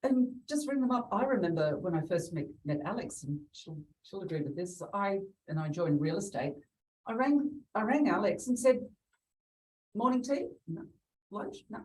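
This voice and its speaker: A middle-aged woman with a lowish voice talks through her work as an interview guest. She is chatty and laughs often. She is recorded a little far from the microphone. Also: very animated, normal speed, darkish tone. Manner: chatty, laughs often, acts out quoted callers. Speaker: real estate agent guest. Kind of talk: conversational interview. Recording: distant from the mic.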